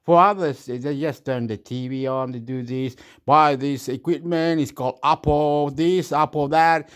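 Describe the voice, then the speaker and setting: A man ranting at length, swinging between muttering and shouting and swearing a lot. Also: fairly high pitch, steady tone, moderate pace, smooth. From Australia. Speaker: vlogger reacting to clips. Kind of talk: rambling rant.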